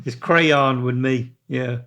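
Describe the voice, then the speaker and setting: A man's voice: medium pitch, steady tone, a bit bright. Older Southern man with a folksy drawl. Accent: Southern US, South Carolina. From northern coastal South Carolina. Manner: slow, hesitant, folksy answers. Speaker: show regular, father of the host. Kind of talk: casual chat.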